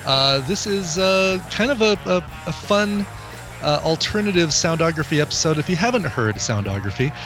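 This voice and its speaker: A man's voice: fairly high pitch, animated, normal speed, over music. Rambling, jokey male podcast host. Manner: rambling, self-interrupting, jokey. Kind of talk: casual podcast chat.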